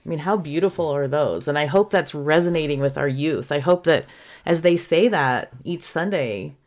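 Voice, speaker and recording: Low-voiced woman, heartfelt. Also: normal speed. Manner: warm, heartfelt and admiring. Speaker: podcast guest. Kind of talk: gospel discussion podcast.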